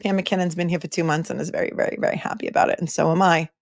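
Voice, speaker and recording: Low-leaning and creaky, her delivery is rapid-fire with fairly even intonation, recorded studio-clean with no room sound. The middle-aged host of a casual live stream, she reads viewer comments aloud, throwing in snark and stumbling through many hesitant fillers.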